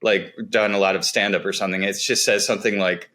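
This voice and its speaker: A man's voice: fairly low pitch, steady tone, quick pace, sharp tone. A man guesting on a comedy podcast, telling rambling, self-deprecating stories about writing jokes in casual chat. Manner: rambling, self-deprecating storytelling with many restarts.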